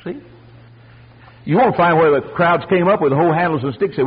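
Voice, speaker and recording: An older man preaching a folksy storytelling sermon, animated and acting out the voices of the people in his stories. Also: on the high side, a little fast, slightly rough, narrow, tinny audio. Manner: animated, acts out voices, chuckles.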